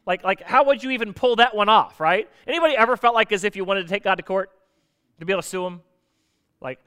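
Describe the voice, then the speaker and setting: A man preaching a sermon in a conversational, animated way, often putting questions to his listeners. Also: high voice, fast, smooth. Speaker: pastor.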